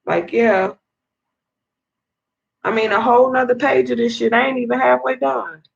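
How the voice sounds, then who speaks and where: A woman's voice: fairly high pitch, fairly even intonation, moderate pace, vocal fry, slightly rough, lo-fi sound. A woman in an angry, profane rant to camera, swearing heavily and rambling with restarts as she vents. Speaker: vlogger.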